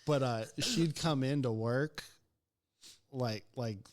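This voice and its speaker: A man co-hosting a loose podcast chat, relaxed and quick to joke. He talks through stories with plenty of "like" and tosses in short teasing remarks. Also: mid-range voice. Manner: laid-back, joking, quick interjections. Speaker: podcast co-host. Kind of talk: casual chat.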